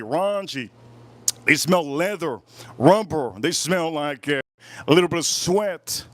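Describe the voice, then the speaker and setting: A man rambles through a casual review, restarting sentences and repeating lines for emphasis. His voice sits a little high for a man. The sound is dry and close. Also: fairly bright tone, no room sound. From United States. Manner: restarts often. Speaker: fragrance reviewer.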